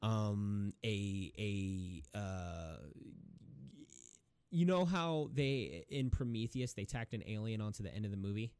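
A young man co-hosting a podcast retells a movie scene in loose, rambling conversation, cursing freely and laughing as he tells it. His voice is fairly low, expressive, slow, smooth and somewhat dark, in a dry recording.

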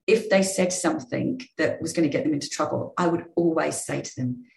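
A woman in her fifties from England, a former rugby player and sports journalist, telling lively anecdotes in a casual interview. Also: deep voice, brisk, creaky, roomy sound, low-quality recording. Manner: lively storytelling with restarts.

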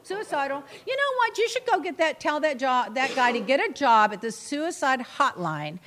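A woman telling stories in casual podcast chat, animated and exasperated, often jumping in over others. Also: sits high, normal speed. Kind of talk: casual storytelling.

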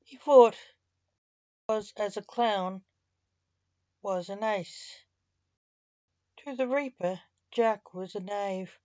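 Woman reading a story real slow, dry dull lo-fi audio. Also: mid-range voice, warm tone, no room sound. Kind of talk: scripted narration.

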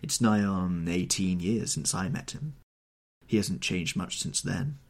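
A man's voice: low-pitched, animated, unhurried, gravelly, full character voice. A man voicing a haggard, bitter older woman from a drinking den, who hisses, sneers and whines her lines. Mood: sneering. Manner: hissing, sneering, whining.

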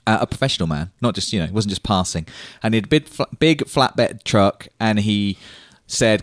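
A man co-hosting a podcast, telling an anecdote in a casual, animated way. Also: on the low side, normal speed, few pauses, clear, resonant tone, no room sound, clean studio sound. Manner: animated storyteller. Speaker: podcast co-host.

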